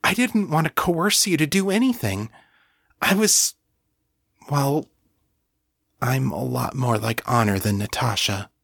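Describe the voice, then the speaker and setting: A man voicing a shy, repressed young female agent who speaks softly and haltingly in an audiobook. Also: extremely low pitch, expressive, gravelly, slightly rough, no room sound, studio quality, voice pushed up, exaggerated voice. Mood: flustered. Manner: soft, hesitant, halting.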